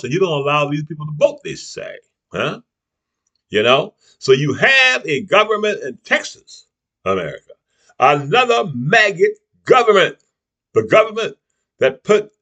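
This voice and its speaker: Man, YouTube commentator, angry preachy rant, husky, lively pitch, frequent "huh?" tags. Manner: preachy, keeps tossing in "huh?" and "you see what I'm saying"; angry, name-calling. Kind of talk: impassioned political rant to camera.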